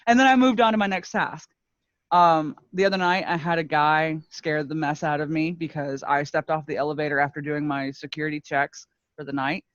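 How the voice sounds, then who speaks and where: A woman's voice: deep voice, fairly even intonation, fairly quick, no echo. A woman co-hosting a podcast, telling a story in a casual, self-mocking way and laughing often. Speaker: podcast co-host. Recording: muffled lo-fi dry mic.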